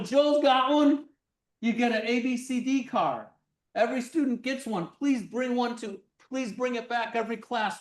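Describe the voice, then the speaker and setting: A middle-aged presenter demonstrates physics in a live workshop, animated and loud, acting things out. His medium-pitched voice is a bit off-mic in an echoey room, giving a roomy, distant sound.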